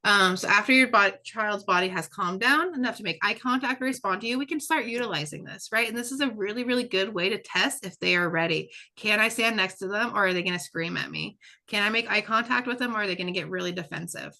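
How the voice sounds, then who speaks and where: A woman's voice: mid-range voice, quick pace, gravelly, sharp tone. A woman presenting a webinar lecture in a conversational way, often checking in with "right?" and repeating words for emphasis. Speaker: presenter and curriculum developer.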